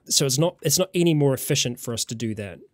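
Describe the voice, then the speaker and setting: A man's voice: medium pitch, expressive, fast talker, no echo. A man from New Zealand with a New Zealand accent, casually commenting on a survival game during a live stream and chatting with viewers.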